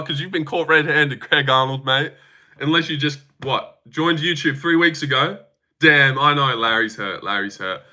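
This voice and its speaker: A man hosting a casual livestream, chatting with viewers and reacting in an animated, sweary, teasing way. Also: fairly high pitch, moderate pace. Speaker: livestream host.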